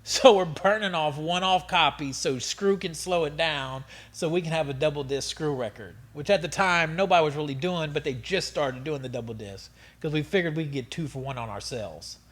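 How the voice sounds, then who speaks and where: A middle-aged man telling stories as an interview guest, animated and profane, laughing often. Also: on the high side, fairly quick, few pauses. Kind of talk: casual storytelling interview.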